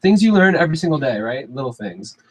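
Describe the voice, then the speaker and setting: A young man co-hosting a casual sports radio chat in a studio, chatty and quick to laugh. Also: on the high side, sing-song, highs cut off, a little hiss or hum. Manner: chatty, laughs often, trails off. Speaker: co-host. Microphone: studio mic.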